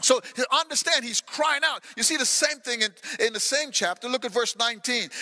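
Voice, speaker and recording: Impassioned high-voiced preacher in a church hall. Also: male voice, brisk, few pauses. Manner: impassioned preaching, shouts scripture lines; swings between loud cries and low asides. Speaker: pastor. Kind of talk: sermon. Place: church sanctuary.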